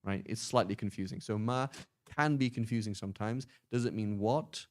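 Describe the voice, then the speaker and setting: Low-voiced English man teaching Arabic. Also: moderate pace. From England. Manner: pedantic, explains with lively examples. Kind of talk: online class teaching.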